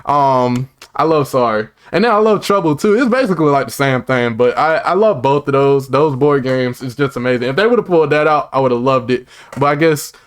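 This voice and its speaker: A man casually recapping and reviewing a TV episode, rambling and excitable, with lots of filler words and side comments. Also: medium pitch, a little fast, hardly any pauses.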